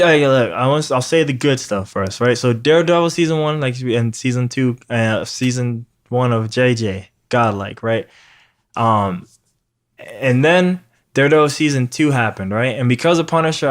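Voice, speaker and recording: A man's voice: medium pitch, normal speed. Profane, rambling New man. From New York. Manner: profane, rambling, animated storytelling. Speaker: podcast host. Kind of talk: casual chat.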